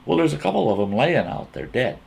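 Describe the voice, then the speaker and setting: A man telling a folksy campfire story in an animated way, repeating himself as he builds the scene. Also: medium pitch, gravelly, slight background noise. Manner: drawn-out, repetitive, animated retelling.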